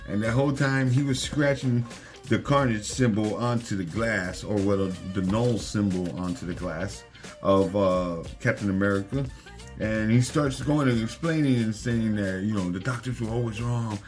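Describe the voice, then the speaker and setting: A man with a fairly low voice talks through a comic issue in a loose, excited way. He keeps slipping into the characters' lines as he retells each scene. Soft music plays underneath. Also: moderate pace. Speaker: comic book reviewer. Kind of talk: casual comic recap.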